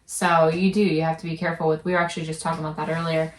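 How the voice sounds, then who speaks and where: A woman host chatting in a rambling, halting, reflective way. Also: low-pitched, level tone. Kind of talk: casual chat. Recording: roomy, distant mic.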